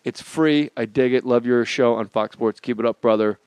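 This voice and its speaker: A middle-aged man hosting a comedy podcast, telling stories quickly and with lots of swearing. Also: medium pitch, a little mellow, clean tone, no room sound. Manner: rapid, profane storytelling. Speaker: podcast host. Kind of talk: casual comedy chat.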